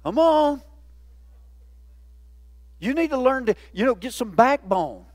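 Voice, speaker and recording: A man's voice: very high voice, sing-song, slow pace, dry recording. A man in his fifties preaching a folksy, playful sermon in a church, often laughing. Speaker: pastor.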